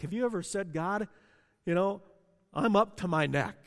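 A man with a high voice preaches a sermon, telling stories from his own life and asking the congregation questions. His words ring through a large hall with a long reverb. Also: normal speed. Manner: storytelling, asks the congregation questions. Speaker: pastor.

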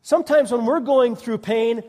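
A male pastor with a very high-pitched, slightly mellow voice preaches at a normal speed in a church sanctuary, his words carrying the long reverb of a large hall. His sermon is emphatic and repetitive, and he calls out to the congregation, asking them to respond.

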